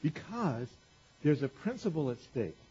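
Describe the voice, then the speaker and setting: A man preaching a sermon in an animated, conversational way, acting out quotes as he goes. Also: fairly high pitch, measured pace, slightly rough. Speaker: pastor. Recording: dull lo-fi recording.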